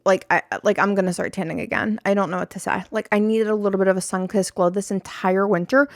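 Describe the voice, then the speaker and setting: A woman's voice: medium pitch, a little mellow, dry recording, clean studio sound. A woman hosting her own podcast, chatting alone in a rambling, self-deprecating way and often drifting off on tangents. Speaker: podcast host. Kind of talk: solo podcast chat.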